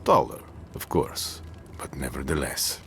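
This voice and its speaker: A man voicing a gruff, weary male dwarf tower commander in a video game, speaking grimly and bluntly. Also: rumbling low, very animated, unhurried, bright, forceful tone, a little hiss or hum, heavily acted. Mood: wary. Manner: grim, blunt, gravelly.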